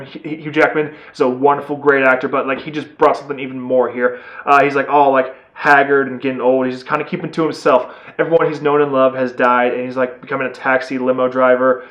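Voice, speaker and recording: A man giving a casual, excitable movie review, rambling with lots of fillers. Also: medium pitch, reverberant, dull audio.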